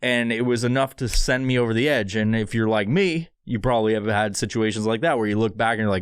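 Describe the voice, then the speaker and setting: A man's voice: lowish voice, quick pace, few pauses, clear, resonant tone, no echo. A man hosting a solo podcast from a studio, rambling and swearing through a sponsor read. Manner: rambling, profane, sarcastic. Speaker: podcast host.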